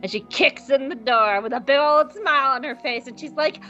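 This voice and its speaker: A woman gives a rambling, giggly, casual recap on a podcast. Her voice is high and bright, and she swears freely. The podcast audio is slightly dull, with faint music behind. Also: normal speed. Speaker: podcast co-host.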